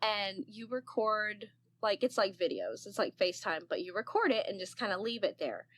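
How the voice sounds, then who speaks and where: A woman's voice: mid-range voice, normal speed, no room sound. Chatty swearing woman narrator guest. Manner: chatty, expressive, swears freely. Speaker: guest, aspiring narrator and voice actor. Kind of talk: casual podcast chat.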